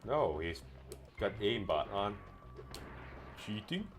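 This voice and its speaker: Deep-voiced sarcastic gaming commentator. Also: male voice, very animated, takes it slowly, soft background music. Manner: sarcastic, joking, swears freely. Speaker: gameplay commentator. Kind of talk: casual let's-play commentary.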